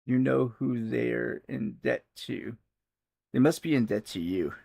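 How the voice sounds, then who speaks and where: A man's voice: medium pitch, unhurried, gravelly, a little mellow, breathy edge. A man hosting a casual livestream, joking with his chat and laughing often. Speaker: livestream host.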